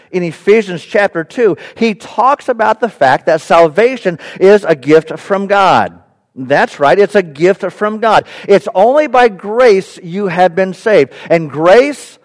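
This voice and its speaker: A pastor preaching a sermon, emphatic and repeating his key points for emphasis. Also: high-pitched. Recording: long reverb in a large hall.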